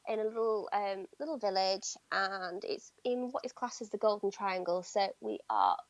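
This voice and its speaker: Lively woman on a podcast. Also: mid-range voice, moderate pace, no room sound, lo-fi sound. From Yorkshire, England. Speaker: podcast guest, blogger. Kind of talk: casual chat.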